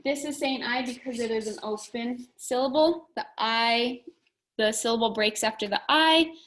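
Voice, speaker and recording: A woman teaching a phonics lesson to young children, slowly and clearly sounding out letters and words. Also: fairly high pitch, a bit bright, slight background noise, poor audio.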